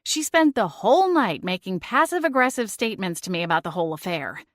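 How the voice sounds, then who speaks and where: A woman's voice: medium pitch, very animated, fairly quick, no room sound, studio quality. A woman narrating a cozy first-person audiobook, reading expressively and acting out exasperated dialogue.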